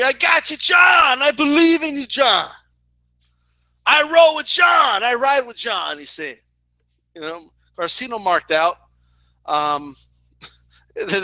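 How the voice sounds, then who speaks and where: A young man telling a story in a casual, animated way, swearing and often asking "right?". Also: high-pitched, dry recording. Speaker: boxing and wrestling commentator.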